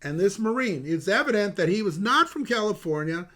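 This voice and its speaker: An older man, a retired detective, telling stories in an interview. He is animated, laughs often and stops to restart with many fillers. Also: high voice, fairly quick. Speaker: retired homicide detective, guest. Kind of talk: animated anecdotal storytelling.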